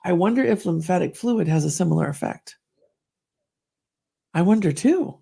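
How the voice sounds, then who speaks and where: A middle-aged woman co-hosting a podcast, chatting casually and telling lively stories, acting out what people said. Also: on the low side, moderate pace, creaky, slightly rough. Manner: chatty storyteller, acts out quotes. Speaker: podcast co-host. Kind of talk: casual chat.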